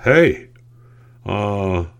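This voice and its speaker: A man's voice: on the low side, animated, extremely slow, creaky, clear, resonant tone, lo-fi sound, exaggerated voice. A man voicing a clueless male official who fumbles through excuses, hesitant and rambling. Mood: flustered. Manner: hesitant, rambling, full of fillers.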